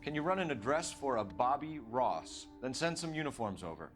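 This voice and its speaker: An actor playing a hard-nosed 1940s police detective in a video game, interrogating in a clipped, blunt way. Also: male voice, medium pitch, very animated, a little fast, faint music behind, lightly acted. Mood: businesslike.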